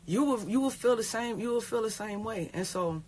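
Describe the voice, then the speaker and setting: A woman's voice: on the high side, animated, a little fast, a little mellow, slight background noise. Tearful woman on a phone stream. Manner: rambling, repeats herself, swears. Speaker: pro basketball player. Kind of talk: casual livestream talk.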